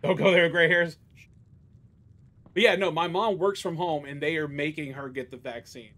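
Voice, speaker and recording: A man's voice: fairly high pitch, fairly even intonation, normal speed, fairly bright tone. A young man live-streaming a game, chatting casually, ranting and swearing constantly, often restarting his sentences. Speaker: gaming streamer.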